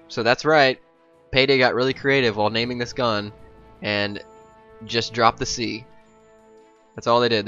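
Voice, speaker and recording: Bright-voiced young man commenting on gameplay. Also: on the low side, dull audio. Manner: rambling, many ums and asides. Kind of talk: casual game commentary.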